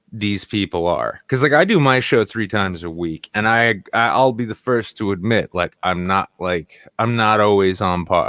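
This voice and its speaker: A man's voice: fairly low pitch, fairly bright tone, dry recording, studio quality. A young man from New England hosting a podcast, ranting sarcastically and swearing a lot in casual chat. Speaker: podcast host.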